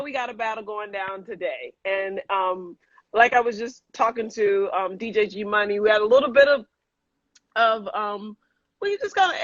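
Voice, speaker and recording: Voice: mid-range voice, a bit bright, no room sound, muffled recording. A Southern host running a casual interview on a video call, speaking in an agreeable way with many fillers. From American South. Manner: friendly, agreeable, filler-heavy.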